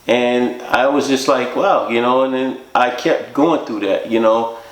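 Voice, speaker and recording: Speaking at a measured pace in a mid-range voice, a man tells his life story casually in an echoey room. He rambles, leans on "you know" and "man," and voices both parties in the conversations he quotes.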